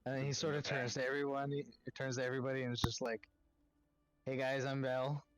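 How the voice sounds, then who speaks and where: A man's voice: mid-range voice, level tone, very fast, fairly bright tone, soft background music. A man playing a tabletop game, narrating his character in a laid-back, playful way. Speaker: player. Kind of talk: tabletop role-play.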